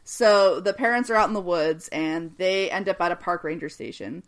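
On a podcast, a woman co-host recaps a TV episode in casual chat, laughing a lot and swearing often. Her voice sits on the low side at a moderate pace.

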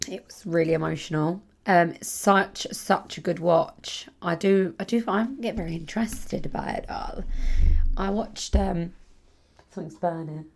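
A woman's voice: low-pitched, vocal fry. A young woman hosting a casual solo podcast from home, rambling and self-mocking, laughing often. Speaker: podcast host.

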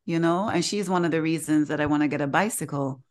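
Lively low-voiced woman telling a story. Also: fast talker. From Caribbean. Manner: animated storytelling, acts out quoted voices. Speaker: podcast co-host. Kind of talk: casual chat.

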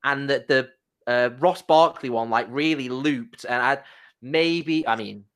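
Young male co-host, loose and sweary, animated football banter. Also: mid-range voice, unhurried, clear, resonant tone. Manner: animated, swearing, trailing restarts. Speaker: podcast co-host. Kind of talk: casual football chat.

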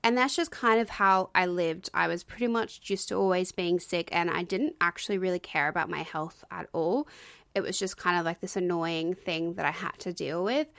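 A woman in her twenties hosting a solo podcast, talking fast and casually with fillers, slightly out of breath. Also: lowish voice, vocal fry, a bit bright, no room sound. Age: 20s. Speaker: podcast host.

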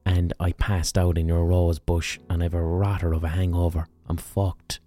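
A man's voice: deep voice, flat delivery, normal speed, mellow. A man with an Irish accent voicing a hungover old drunk man, a laid-back freeloader who talks easygoing slang and swears. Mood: weary.

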